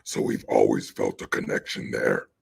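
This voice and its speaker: A man voicing a mocking old female demon politician in a raspy, gravelly impression. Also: level tone, moderate pace, heavily acted. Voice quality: extremely deep, gravelly, raspy.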